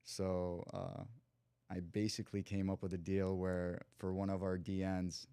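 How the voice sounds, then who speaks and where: Low-voiced young man telling a story. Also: a little slow, clean tone, no echo. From Cleveland, USA. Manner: lively storyteller who acts out quoted dialogue; loose slang and frequent "like" fillers. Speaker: podcast guest. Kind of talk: casual storytelling.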